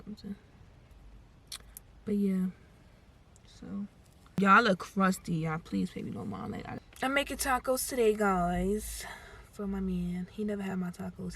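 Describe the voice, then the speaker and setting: A young woman in her twenties talks to a handheld camera while running errands. Her voice sits at a medium pitch, relaxed and chatty, and she keeps calling her viewers y'all. Clear street and store noise runs behind her. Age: 20s. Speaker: vlogger. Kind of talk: casual vlog chat.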